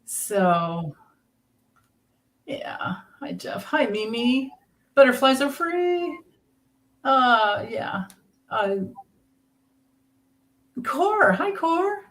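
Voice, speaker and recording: A woman's voice: sits high, big pitch swings, extremely slow, long pauses, fairly bright tone. A middle-aged woman hosting a casual tarot livestream, chatting and greeting viewers by name with frequent laughter.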